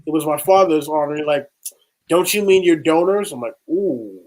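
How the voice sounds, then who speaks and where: A man co-hosting a casual review podcast who gets animated and acts out the characters in jokey voices. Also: fairly high pitch, fairly quick. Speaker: podcast co-host.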